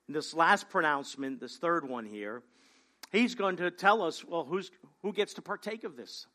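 Guy preaching a sermon, pretty high voice, emphatic and chatty, lots of rhetorical questions. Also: normal speed, bright, forceful tone.

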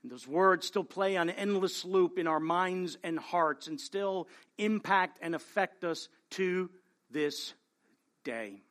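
A man's voice: sits high, slow, a bit bright. A male pastor preaching a sermon in an earnest way, often checking in with the congregation by asking "right?". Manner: earnest, keeps adding "right?" to his points.

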